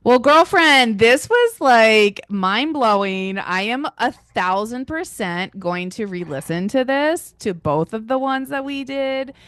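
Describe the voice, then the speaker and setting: A woman's voice: on the high side, expressive, slow pace, hardly any pauses, fairly bright tone, clean tone, dry recording, clean studio sound. A woman hosting a podcast, who chats casually and affirms her guest with enthusiasm. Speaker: podcast host. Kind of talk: casual interview chat.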